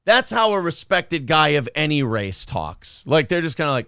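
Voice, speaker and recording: Morning show host guy, jokey and gravelly, super lively delivery. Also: a little high, normal speed, few pauses, dry recording, clean studio sound. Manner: jokey, acts out bits in character voices. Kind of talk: casual comedic chat.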